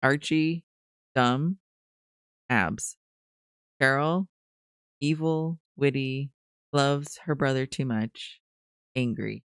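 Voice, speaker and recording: Smooth-voiced podcast co-host, dry and blunt. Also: medium pitch, very slow, pauses often, a bit bright, dry recording. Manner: dry, blunt one-word character summaries. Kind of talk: casual chat.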